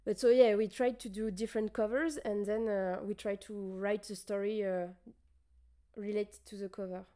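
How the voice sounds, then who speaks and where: A woman's voice: medium pitch, flat delivery, moderate pace, dark tone. A tired young woman with a French accent, chatting casually on a livestream and hesitating as she searches for English words. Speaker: streamer.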